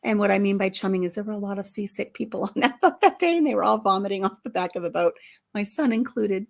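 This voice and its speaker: A middle-aged woman hosting a casual chat, telling a family story in an animated way and acting out the voices. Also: medium pitch, quick pace, gravelly. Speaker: host.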